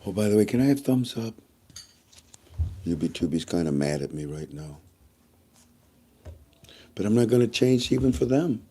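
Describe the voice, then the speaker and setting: Low-voiced rambling male vlogger. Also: animated, moderate pace, pauses often, dark tone. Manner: repeats himself often; chatty and preachy, asides to viewers. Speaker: YouTube vlogger. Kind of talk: casual rambling monologue to viewers.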